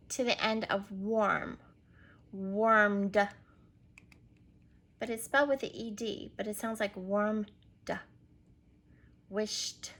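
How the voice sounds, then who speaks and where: A woman's voice: fairly high pitch, pushed and bright. A woman teacher giving a recorded reading lesson to young children, patiently prompting and spelling words out letter by letter.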